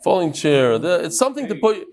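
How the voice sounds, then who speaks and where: A man teaching a lively Talmud class and talking straight to his students. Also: high voice, fairly quick. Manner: animated, talks to the students. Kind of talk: lively Daf Yomi class.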